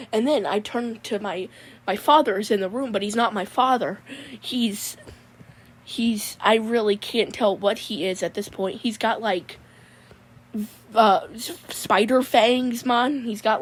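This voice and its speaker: A woman telling a rambling comic dream story, peppering it with 'Mon'. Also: on the high side. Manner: rambling, says 'Mon' constantly. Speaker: comedy character storyteller.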